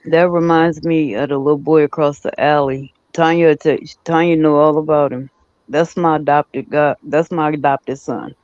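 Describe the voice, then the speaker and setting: A man's voice: fairly high pitch, steady tone, normal speed, a little mellow, clear, resonant tone, no echo. Emphatic man telling stories, dry lo-fi sound. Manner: laughs easily, talks in emphatic, repeating phrases. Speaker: podcast co-host. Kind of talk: casual storytelling chat. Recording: dull, dry lo-fi recording.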